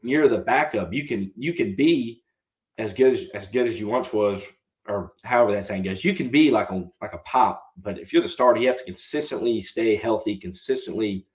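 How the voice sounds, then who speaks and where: A young man in his twenties, a former college quarterback appearing as a podcast guest, tells a long story casually and answers politely with "yes, sir." His voice is lowish and fairly quick, and the room has a noticeable echo.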